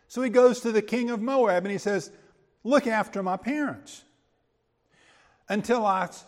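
Male preacher, high and lively voice, conversational Bible teaching, asks the room questions. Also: big-room sound. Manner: conversational, quips and rhetorical questions.

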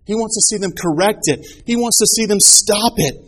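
A man's voice: sits high, fairly quick, a bit bright, slightly rough. A man in his thirties preaching a sermon, telling stories with rhetorical questions and rising emphasis.

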